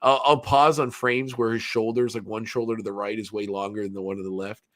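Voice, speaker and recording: A man's voice: on the low side, little pitch movement, brisk, a bit bright, no room sound, studio quality. A man hosting a podcast in casual chat, rambling with fillers and frequent laughs. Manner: rambling, many fillers and restarts, laughs often. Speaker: podcast host. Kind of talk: casual chat recapping a cartoon episode.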